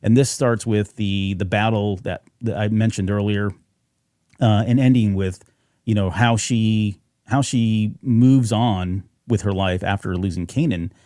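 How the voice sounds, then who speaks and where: A man's voice: lowish voice, fairly even intonation, measured pace, mellow, no room sound, clean studio sound. A man co-hosting a fan podcast, chatting casually and rambling with fillers and restarts. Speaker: podcast co-host.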